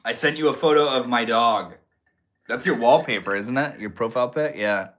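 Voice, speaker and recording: Bright-voiced laid-back young streamer man. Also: mid-range voice, moderate pace. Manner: laid-back, slangy, chatty. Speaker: livestream host. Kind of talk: casual livestream chat with viewers.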